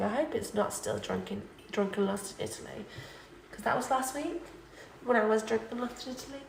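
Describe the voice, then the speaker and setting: A woman's voice: a little high, quick pace, creaky, recorded from a distance, a little hiss or hum. A drunk young woman from England streaming late at night, rambling chattily and repeating herself. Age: young adult. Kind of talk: casual drunk livestream chat. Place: student flat kitchen. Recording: echoey room, voice off-mic at times.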